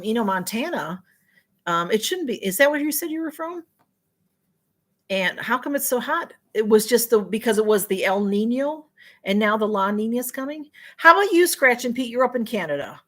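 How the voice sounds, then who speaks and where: A woman's voice: on the high side, a bit bright. Chatty woman hosting a livestream. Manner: chatty, distracted, apologizing for missing comments. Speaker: livestream host. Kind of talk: casual livestream chat reading viewer comments.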